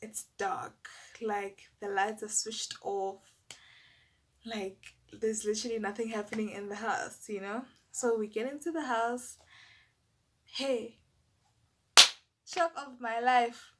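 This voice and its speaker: A young South African woman telling a personal story to camera in a casual, animated, exasperated way. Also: on the high side, takes it slowly, pauses often, slight background noise. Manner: animated, exasperated, lots of fillers and asides to viewers.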